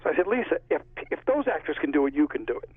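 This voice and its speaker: A man's voice: a little high, big pitch swings, rapid-fire, husky, no echo. Connecticut man on a tinny phone line. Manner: chatty, rambling storyteller. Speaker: author being interviewed. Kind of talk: casual phone interview.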